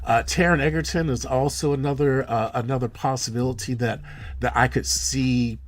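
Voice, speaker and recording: A man's voice: mid-range voice, steady tone, moderate pace. A man co-hosting a casual live stream about movies, rambling and restarting his sentences. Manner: rambling, restarts often, laughs at himself. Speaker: co-host.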